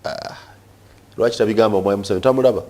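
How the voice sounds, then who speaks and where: A man's voice: on the low side, rapid-fire, mellow. A Ugandan man on a press review talk show, arguing hard and firing off rhetorical questions, switching between English and Luganda. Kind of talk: studio press review debate.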